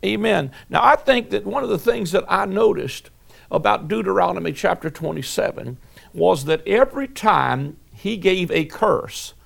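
A male pastor with a high-sitting, gravelly voice preaches a sermon. He reads scripture and tells folksy personal stories, with many fillers and restarts.

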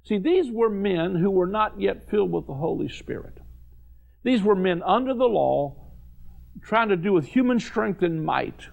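A man's voice: high-pitched, vocal fry, darkish tone, dull audio. A man preaching a sermon to viewers, fervent and emphatic, repeating phrases for stress. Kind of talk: televised sermon.

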